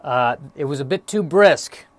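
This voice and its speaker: A man's voice: on the high side, animated, unhurried, no room sound. Rambling, self-mocking podcast man. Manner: self-deprecating, stop-start musing with frequent fillers. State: a bit out of breath. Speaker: solo podcast host. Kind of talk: rambling solo podcast monologue.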